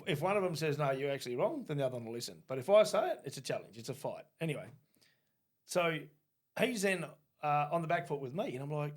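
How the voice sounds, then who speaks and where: A middle-aged Australian man co-hosting a podcast, telling stories bluntly and casually, with the odd swear word. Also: fairly high pitch. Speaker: podcast co-host. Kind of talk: casual chat.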